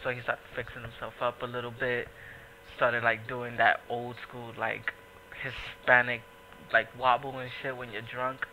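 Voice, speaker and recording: Brief: New man, podcast host, swears freely, animated anecdotes, middle pitch. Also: moderate pace, a little hiss or hum, poor audio. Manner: profane, animated storytelling with voiced quotes. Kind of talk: casual podcast chat.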